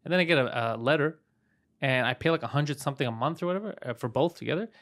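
A man co-hosting a podcast, telling a story in a casual, profane, animated way and putting on voices for the people in it. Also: mid-range voice, fast talker. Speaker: podcast co-host. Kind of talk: casual chat.

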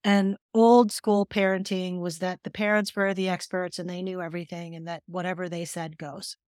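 Earnest low-voiced woman therapist, dry sound. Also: level tone, normal speed, darkish tone, no room sound. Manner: earnest, emphatic, storytelling. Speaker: somatic therapist guest. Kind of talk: conversational podcast interview.

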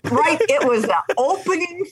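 An older woman, a mother co-hosting a casual family chat, telling stories in an animated way and laughing often. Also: high voice, normal speed, slight background noise. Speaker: podcast co-host, mother.

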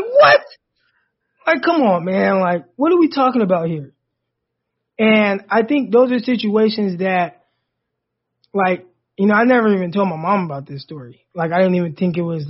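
A man in his thirties, co-hosting a podcast and telling a personal story in a casual, animated way that rises sharply when he gets indignant. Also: sits high. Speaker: podcast co-host. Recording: dull lo-fi sound.

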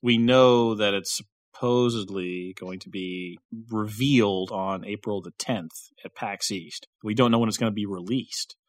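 A man's voice: on the low side, measured pace, hardly any pauses, dry recording. A man co-hosting a podcast who gives the thank-yous and jokes around with the other hosts. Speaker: podcast co-host. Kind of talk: casual chat and show outro.

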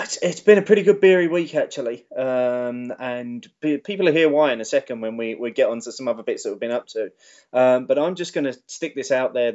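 A man's voice: lowish voice, a little mellow. A man co-hosting a beer podcast, rambling enthusiastically with lots of ums and restarts. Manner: enthusiastic, rambling with many fillers. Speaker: podcast co-host. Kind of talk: casual beer podcast chat. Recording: dull lo-fi podcast audio.

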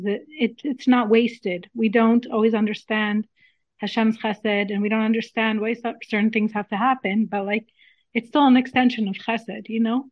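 A woman's voice: fairly high pitch, no room sound. A woman in a casual discussion who speaks hesitantly and carefully, with several restarts. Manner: hesitant, restarts before a serious point. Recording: dull, dry sound.

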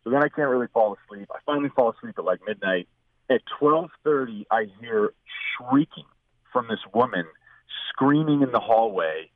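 A man's voice: medium pitch, lively intonation, normal speed, no echo. A man, a guest on the show, telling a long rambling anecdote in a casual way and acting out what people said. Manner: rambling anecdote with acted quotes. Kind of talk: casual storytelling. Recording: tinny phone-line sound.

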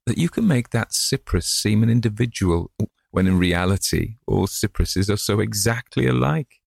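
A man's voice: medium pitch, big pitch swings, measured pace, gravelly, warm tone, slightly rough, no room sound, clean studio sound, pitched above the performer's own voice, heavily acted. A man doing a gushing society lady. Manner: gushing, emphatic. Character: flattering society woman, adult.

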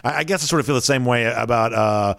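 A man's voice: medium pitch, fast talker, creaky, a bit bright, no room sound, studio quality. A man co-hosting a casual sports talk show in a wry, chatty way. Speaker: sports podcast co-host.

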